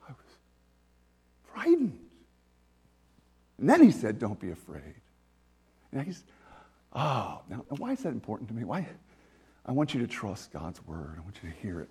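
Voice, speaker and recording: A man preaching a sermon in an animated, emphatic way, full of restarts, repetition and joking asides. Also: sits high, slightly rough. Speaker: pastor.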